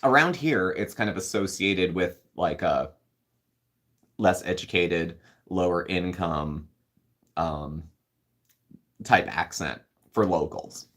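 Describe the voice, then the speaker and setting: A man with a low voice hosts a relaxed live-stream chat. He rambles from one thought to the next and answers viewer comments as they arrive. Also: takes it slowly, long pauses. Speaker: host.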